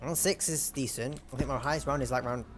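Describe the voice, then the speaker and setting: A man's voice: mid-range voice, fast talker. A young man giving casual, self-mocking gameplay commentary and chatting to the enemies. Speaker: gamer.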